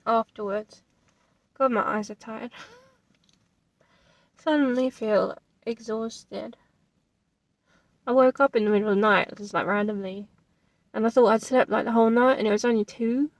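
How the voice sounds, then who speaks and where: A vlogger from England chats in a car or van, laughing a lot and leaning heavily on "like." Her voice is on the high side and steady, at a moderate pace with long pauses. There's no room sound, though the distant mic catches background noise.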